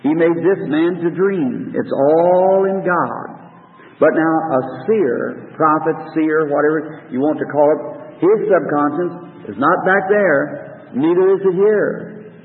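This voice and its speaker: Man preaching, folksy and rambling, fairly high voice, far off in a reverberant hall, tinny old tape. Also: slow pace. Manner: folksy, rambling, earnest preaching with rural grammar. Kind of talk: old-time revival sermon. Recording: tinny distant recording with long hall reverb.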